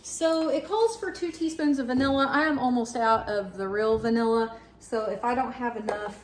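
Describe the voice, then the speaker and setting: Mom vlogger, thirties, rambling baking chat, echoey kitchen with audible clatter. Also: female voice, on the high side, sing-song, moderate pace, a little hiss or hum. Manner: chatty, many fillers, talks to her son. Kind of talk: casual chat while baking. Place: home kitchen.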